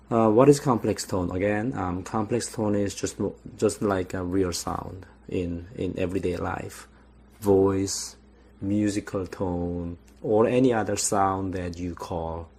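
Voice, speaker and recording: A young man giving a recorded lecture, explaining slowly with frequent pauses and restarts. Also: low-pitched, vocal fry, a little mellow, a little hiss or hum.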